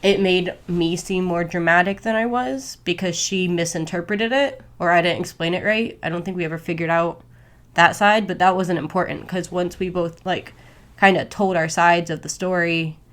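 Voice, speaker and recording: A woman's voice: on the low side, steady tone, normal speed, fairly bright tone. A young adult woman hosting her own podcast, talking candidly in a rambling, casual way with lots of filler words. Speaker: podcast host. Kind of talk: casual solo podcast talk.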